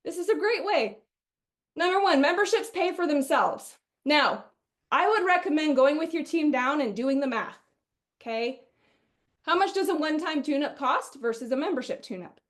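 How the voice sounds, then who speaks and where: The speaker is a Wisconsin woman who sounds middle-aged, with a high-pitched voice, hosting a webinar about sales training. She moves at a moderate clip, sounding chatty and upbeat, and regularly slips into customer quotes.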